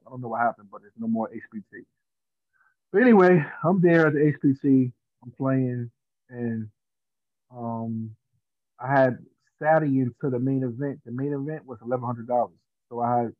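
Animated storytelling man, phone-like sound. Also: medium pitch, no room sound. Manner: animated, laughing storyteller with street slang. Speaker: podcast guest. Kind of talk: casual storytelling. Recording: dry tinny phone-like sound.

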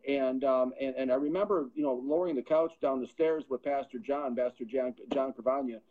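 A man's voice: mid-range voice, brisk. Earnest man telling his story, lo-fi. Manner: earnest, repeats words as he builds momentum. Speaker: podcast guest, pro football scout. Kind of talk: personal testimony storytelling. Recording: dull lo-fi sound.

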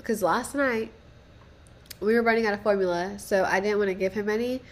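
A woman's voice: mid-range voice, brisk. A young woman hosting a casual solo podcast, rambling and profane, self-deprecating, with nervous laughs. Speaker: podcast host.

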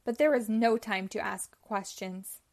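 A woman reading a children's storybook aloud, telling it clearly and expressively. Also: medium pitch, measured pace, a little mellow. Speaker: storybook reader.

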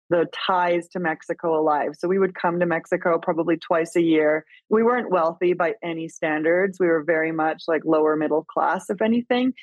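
A woman's voice: fairly low pitch, no echo, muffled recording. A woman from Canada, a podcast guest whose first language is Spanish, chatting casually and animatedly and laughing often. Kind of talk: casual interview chat.

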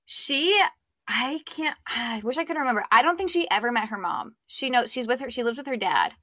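A young woman talks through a book she loved on a podcast, chatty and full of fillers. Her voice is bright and on the higher side. The sound is dry and close. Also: lively intonation, a little fast, dry recording. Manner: chatty, many fillers, acts out quotes. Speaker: podcast co-host. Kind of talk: casual book chat.

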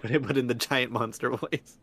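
A man co-hosting a podcast, relaxed and chatty, who laughs a lot and trips over his sentence starts. His voice sits at an ordinary middle pitch. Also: dry recording. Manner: easygoing, laughs often, halting restarts. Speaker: podcast co-host. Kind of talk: casual chat.

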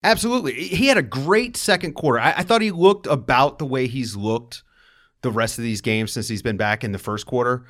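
A young man hosts a sports talk show with an upbeat energy. He runs quickly through scores and stats in a mid-range voice. The talk is casual and chatty. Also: medium pitch, lively intonation, a bit bright. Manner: upbeat, rapid run of stats and analysis.

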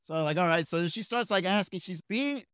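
A man's voice: high voice, lively intonation, moderate pace, fairly bright tone, clean tone, no echo, clean studio sound. A young man doing a comedic podcast monologue, rambling through stories with digressions. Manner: rambling, digressive storytelling with asides. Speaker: stand-up comedian and podcast host.

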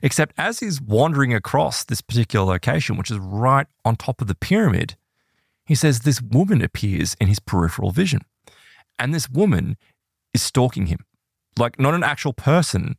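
A man hosting a podcast, retelling a story in a casual, animated way, full of "like" and "right?". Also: medium pitch, moderate pace, vocal fry, husky, no room sound, clean studio sound. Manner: animated, filler-heavy retelling with many "like"s and "right?"s.

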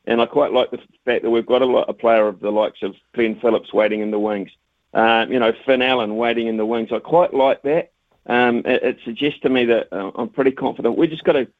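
A man's voice: mid-range voice, no echo. A man, a cricket commentator chatting as a radio guest, stammering and repeating his words. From New Zealand. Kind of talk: casual radio phone interview. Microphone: phone. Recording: tinny phone line, dry.

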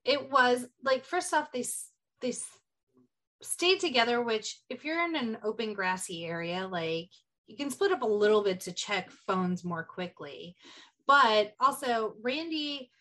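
A woman's voice: on the high side, measured pace. A woman casually recapping a horror movie with a co-host, animatedly acting out quoted lines. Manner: animated retelling with quoted voices. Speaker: podcast co-host.

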